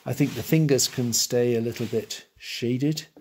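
A man's voice: mid-range voice, unhurried, darkish tone, a little hiss or hum. A man giving a live drawing tutorial, thinking aloud and correcting himself as he sketches. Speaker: art teacher.

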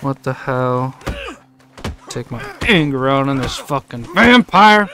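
A man's voice: mid-range voice, lively intonation, takes it slowly, sharp tone. A young man streaming a video game, swearing, complaining and laughing in mock grief. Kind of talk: casual game commentary.

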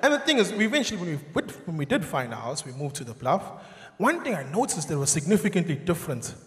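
A South African comedian in his thirties, talking high and with a wide swing in pitch as he acts out shouting neighbours. His voice rings through a big, echoey theatre hall with a long reverb tail. A faint audience can be heard behind him. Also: fast talker. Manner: animated, acts out shouting characters, laughs at own jokes. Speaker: stand-up comedian. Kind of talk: stand-up comedy. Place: large theatre stage. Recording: roomy live theatre sound with audience.

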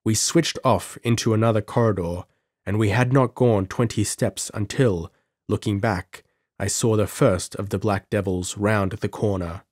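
A man narrating a pulp adventure story in an audiobook with measured, dramatic delivery. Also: lowish voice, steady tone, a little mellow, no room sound, clean studio sound.

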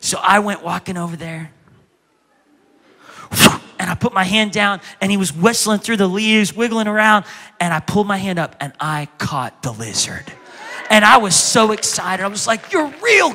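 A pastor preaching a sermon in a bright, ringing, fairly high voice, with lots of echo from a long hall reverb. He tells stories with animation and acts out the voices of the people in them. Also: normal speed, slight background noise. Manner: animated storytelling, acting out childhood voices loudly.

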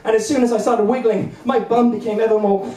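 A man's voice: high voice, fairly even intonation, quick pace, a crowd in the background. A young man doing a bumbling, self-deprecating stand-up set on a comedy club stage, chuckling between lines. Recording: roomy venue, mic at a distance.

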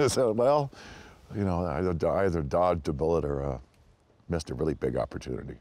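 A man being interviewed, telling a story with plenty of laughter and restarts, acting out the people he quotes. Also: fairly quick. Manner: animated anecdote-telling, acts out quoted people with big pitch jumps; laughs often, restarts sentences. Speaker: interview guest.

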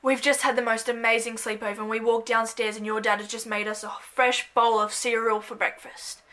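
Bright bubbly Australian woman. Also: on the high side, little pitch movement, brisk. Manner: playful, self-mocking, jumps into loud bursts. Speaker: vlogger. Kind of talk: comedic scripted monologue to camera.

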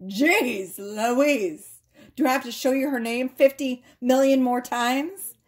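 A woman voicing an exasperated spirit guide who bluntly scolds a listener in a loud, teasing tone. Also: high-pitched, slow pace. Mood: exasperated scolding.

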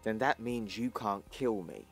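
A man reading out the lines of a stern woman conqueror from the future in a comic recap, in a flat reading voice. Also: lowish voice, measured pace, faint music behind. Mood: grim.

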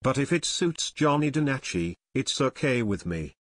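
Male reader doing steady teen boy detective, storybook, firm, mid pitch. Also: moderate pace, no echo, clean studio sound. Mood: determined. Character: older teenage boy detective, level-headed and determined.

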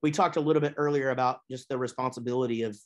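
Chatty, animated middle-aged man. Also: rapid-fire. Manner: chatty and animated, with big pitch swings when telling stories. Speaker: guest, musician and voice actor. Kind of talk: casual interview chat.

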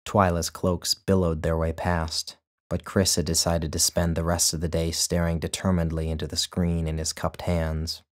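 A man narrating his own short story in a measured, deliberate storytelling manner. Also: low-pitched, completely flat delivery. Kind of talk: scripted narration.

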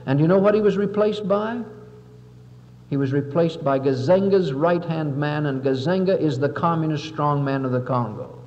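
A man's voice: fairly high pitch, moderate pace, darkish tone. A man giving an impassioned public speech, speaking emphatically and with oratorical force, sometimes acting out the people he quotes. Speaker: political lecturer. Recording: dull 1961 lo-fi tape with long hall reverb.

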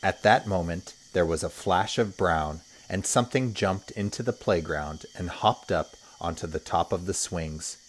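A man, a teacher, reading a children's story aloud with expressive storytelling. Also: low-pitched, measured pace, hardly any pauses, a little hiss or hum.

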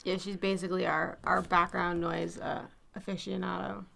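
Young female co-host, Massachusetts accent, tense bright tone, loose and chatty. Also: fairly low pitch, level tone, moderate pace, gravelly. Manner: chatty, full of fillers and hedges. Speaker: podcast co-host. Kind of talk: casual chat.

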